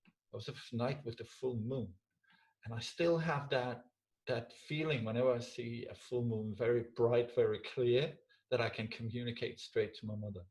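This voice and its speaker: Halting, emotional man. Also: mid-range voice, steady tone, darkish tone, poor audio. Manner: halting, restarts often, emotional. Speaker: storyteller. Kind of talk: casual reflective chat.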